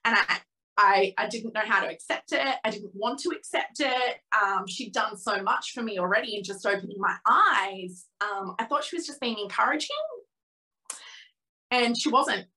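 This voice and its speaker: Bright-voiced woman telling an emotional story. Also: mid-range voice, normal speed, rough recording. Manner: animated, acts out dialogue in lively voices; candid, emotional, swears freely. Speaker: podcast guest. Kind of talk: personal storytelling in an interview.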